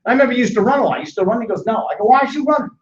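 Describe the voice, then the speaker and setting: Animated older man pitching from afar. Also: very fast. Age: 60s. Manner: animated, joking, fires questions at the audience. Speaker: financial seminar presenter. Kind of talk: lively sales seminar talk. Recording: echoey dull room sound from far off.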